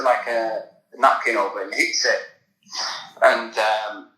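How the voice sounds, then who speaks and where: Podcast guest: English man with a lowish, bright voice telling a meandering yarn in a roomy space. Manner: rambling anecdote with many fillers and restarts. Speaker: podcast guest, former footballer. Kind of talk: casual storytelling.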